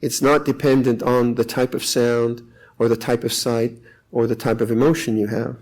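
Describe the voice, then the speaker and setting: An older man, a monk, giving a calm, reflective meditation talk with frequent pauses at a retreat. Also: medium pitch, poor audio. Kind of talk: dharma talk.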